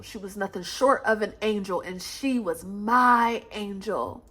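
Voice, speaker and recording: A woman giving a casual pick-a-pile tarot reading to her viewers, talking in slang and swearing, swinging from loud and emotional to soft and soothing. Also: mid-range voice, moderate pace, hardly any pauses. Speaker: tarot reader.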